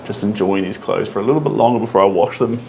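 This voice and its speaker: A man's voice: lowish voice, quick pace, darkish tone, slight background noise. A man painting on a live stream, humming to himself and chatting with viewers as he answers their comments. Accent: non-American English, rolled R. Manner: chatty, hums and sings to himself, reads out and answers chat comments. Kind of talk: casual live-stream chat while painting.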